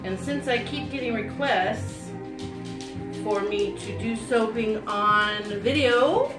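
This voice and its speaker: Bubbly woman hosting a home how-to, slow and chatty, roomy echo with music behind. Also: a little high. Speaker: soap maker. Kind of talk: casual how-to vlog.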